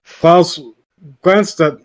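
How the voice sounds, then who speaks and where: A man's voice: high-pitched, fairly even intonation, extremely slow. A man casually reading a classic story aloud, often stumbling and correcting himself.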